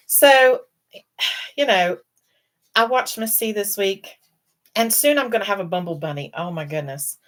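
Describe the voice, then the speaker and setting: A woman's voice: medium pitch, lively intonation, normal speed, pauses often, a bit bright. A middle-aged woman hosting a casual live stream, talking in a rambling, emotional way and fighting back tears. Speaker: host.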